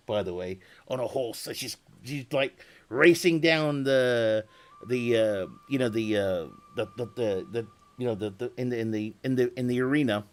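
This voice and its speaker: A man's voice: mid-range voice, fairly bright tone. A man chatting casually with viewers on a live stream, rambling, swearing freely and laughing often.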